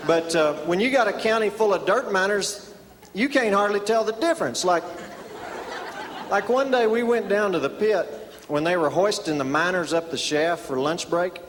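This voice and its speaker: A man telling a folksy tall tale as stand-up comedy, deadpan, with many drawn-out "uh"s. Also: high-pitched, a little hiss or hum. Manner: deadpan folksy storyteller with filler "uh"s. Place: live comedy stage before an audience. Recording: reverberant live hall, audience laughter.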